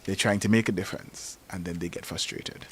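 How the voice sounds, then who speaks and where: An Antiguan man with a fairly low voice hosts a talk show. He tells his stories with animated emphasis and climbs to forceful peaks when a point lands. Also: brisk, a little hiss or hum. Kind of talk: casual talk show discussion.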